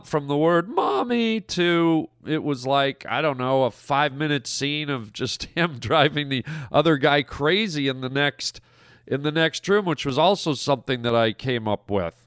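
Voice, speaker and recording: A man, an actor and comedian, telling rambling, animated anecdotes with many fillers in a recorded message. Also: on the high side, moderate pace, smooth, no echo, studio quality. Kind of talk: recorded message, casual storytelling. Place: recorded separately from the hosts.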